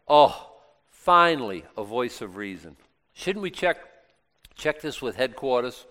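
A man's voice: medium pitch, sing-song, unhurried, big-room sound. Man teaching scripture with casual asides. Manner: reads verses loudly, comments in asides, casual and sarcastic. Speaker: Bible teacher. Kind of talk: Bible study teaching, reading scripture aloud.

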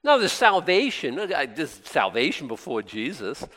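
A man preaching a conversational sermon, asking his listeners questions and breaking into excited bursts. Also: a little high, a little slow. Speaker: pastor. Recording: long hall reverb.

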